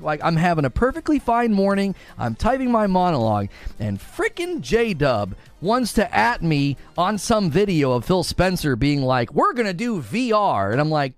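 A man hosting a live stream in a loose, chatty way. His voice sits a little high and swings widely, jumping into exaggerated tones when he mocks what others say. Soft music plays faintly under him. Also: normal speed, no echo. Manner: animated, exaggerated high-pitched voice when mocking or acting out others. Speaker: livestream host. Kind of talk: casual live-stream chat.

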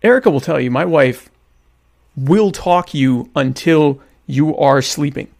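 Gravelly-voiced man joking with viewers. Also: on the high side, lively intonation, measured pace, a little mellow. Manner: joking, self-mocking, teasing. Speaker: livestream host. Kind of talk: casual comedic chat with viewers. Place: home, at a meal.

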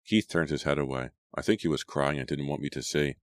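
A man reads an audiobook aloud in a steady storytelling voice. His voice is extremely low. The recording is dry and close, with no room sound. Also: a little fast, hardly any pauses, no room sound. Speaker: audiobook narrator. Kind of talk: audiobook narration.

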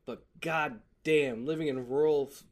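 A man's voice: fairly high pitch, fairly even intonation, normal speed. A man co-hosting a podcast in casual, joking chat, loose and profane, laughing often. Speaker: podcast co-host. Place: lives in Florida.

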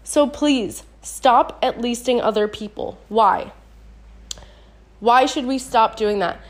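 A woman's voice: on the high side, takes it slowly. A young woman hosting her own podcast in casual, chatty talk, with a stuffy, nasal voice from a cold, laughing often and saying "like" a lot. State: congested, nasal voice. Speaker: podcast host.

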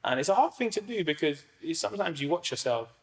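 High-ish and very animated, a male comedian talks fast as a guest on a casual podcast. His rambling, slang-heavy chat is packed with fillers and "do you know what I mean."

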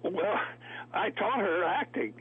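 A man's voice: sits high, animated, slow, slightly rough. A man telling folksy stories as a guest, laughing often. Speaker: actor guest. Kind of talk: storytelling interview. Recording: tinny phone line, radio.

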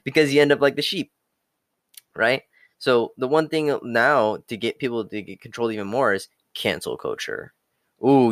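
A young man rants bluntly about self-improvement, swearing and circling back to catchphrases like "okay" and "the hard truth." His mid-range voice has a fairly bright tone, captured dry with clean studio sound.

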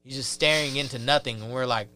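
Profane, animated young man telling a story. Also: medium pitch, quick pace. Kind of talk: casual chat.

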